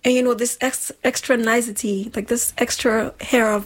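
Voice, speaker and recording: A young woman from Nigeria, chatting casually in a group, animated and laughing often. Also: a little high, moderate pace. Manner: animated, laughs often, says "bro" and "you know what I mean".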